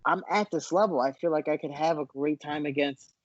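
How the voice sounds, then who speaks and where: A man, a fighter guest in a casual interview, telling animated stories with lots of restarts, over muffled video call audio. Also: on the high side, a little fast, no echo. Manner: animated storyteller, frequent restarts.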